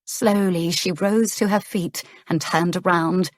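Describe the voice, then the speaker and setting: A woman narrating a romance audiobook in a measured, gentle storytelling manner. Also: fairly low pitch, steady tone, dry recording, clean studio sound.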